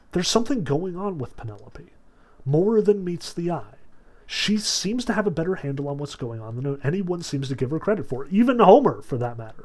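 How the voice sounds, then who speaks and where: Chatty man lecturing on a classic epic. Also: on the high side. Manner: chatty, questioning, heavy with "like" and "you know". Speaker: literature teacher. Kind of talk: casual lecture with read-aloud passages.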